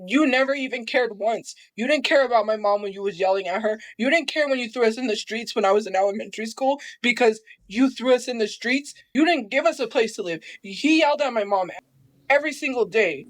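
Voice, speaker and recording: A woman's voice: fairly high pitch, a little fast, no room sound. A woman from New Mexico talking on a livestream, aggrieved and defensive as she recounts family matters. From Albuquerque, New Mexico. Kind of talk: livestream monologue.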